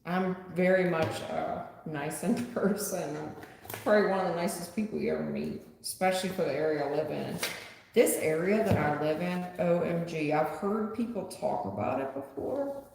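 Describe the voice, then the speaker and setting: Gravelly-voiced woman tarot reader, echoey. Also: lowish voice, very animated, moderate pace, a little mellow, a little hiss or hum. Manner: blunt, chatty, talks straight to the chat. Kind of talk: live-stream chat with viewers. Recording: echoey room with long reverb.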